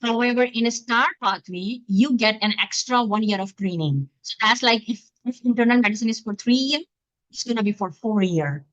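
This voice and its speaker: A woman from Pakistan giving an online webinar talk as a physician-scientist, speaking quickly from her home through a computer mic set back from her. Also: on the high side, dry recording. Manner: fast-talking, explanatory. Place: home, in the middle of moving. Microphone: computer mic, not close. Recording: dull lo-fi video call audio.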